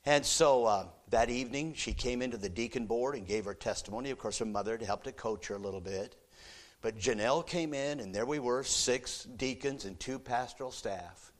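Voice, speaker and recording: A man tells a story from the pulpit at a moderate pace, preaching with animated energy. He moves back and forth between quiet, low side comments and loud, excited exclamations.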